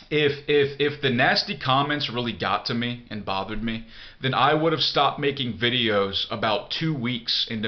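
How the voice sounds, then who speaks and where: Blunt male vlogger, profane and rambling, average pitch, muffled lo-fi recording. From United States. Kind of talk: casual monologue answering a viewer email.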